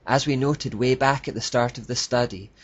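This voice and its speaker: A man reading scripted documentary narration in a measured, declarative way. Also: mid-range voice, dry recording. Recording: dull lo-fi dry voice-over.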